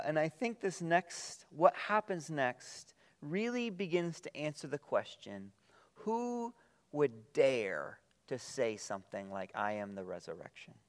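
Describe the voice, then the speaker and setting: Male pastor, sermon delivery, slightly high voice, reflective, soft slow drops at phrase ends. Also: clean tone. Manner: reads scripture aloud with quiet emphasis.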